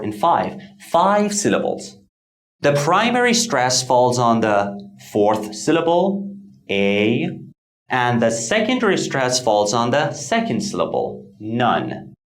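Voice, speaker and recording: A man's voice: medium pitch, echoey room. A man teaching English pronunciation in a scripted lesson, enunciating carefully and repeating model words.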